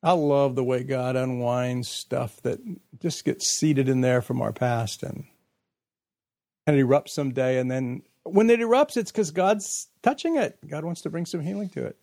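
A man's voice: mid-range voice, normal speed, gravelly, a little mellow, no room sound, studio quality. A man hosting a faith podcast, talking casually and reading listener emails aloud in a reflective, earnest way. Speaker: podcast host.

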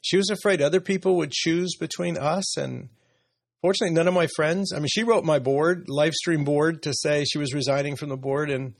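A man in his late sixties speaks in a personal podcast conversation, his voice gravelly and slightly husky. He talks reflectively and openly, sometimes laughing softly. The sound is dry and close to the mic. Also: on the high side, fairly even intonation, fairly quick, no room sound. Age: 60s. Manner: reflective, emotional, candid with soft laughs. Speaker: podcast host.

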